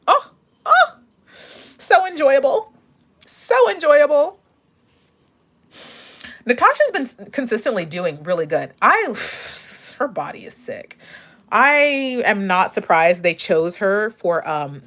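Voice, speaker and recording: A woman's voice: lowish voice, a bit bright. A young woman chatting casually on a livestream as a pageant commentator, bubbly and gushing.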